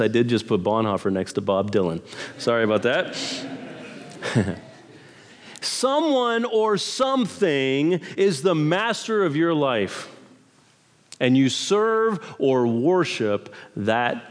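A man preaching a sermon in an emphatic, measured way, asking rhetorical questions. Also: mid-range voice, lively intonation, big-room sound. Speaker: pastor.

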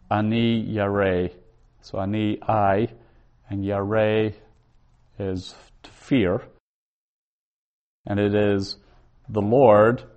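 A man teaching a Bible Hebrew class, explaining slowly, word by word. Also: fairly low pitch, darkish tone. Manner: slow, deliberate, word-by-word explaining. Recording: dull lo-fi recording.

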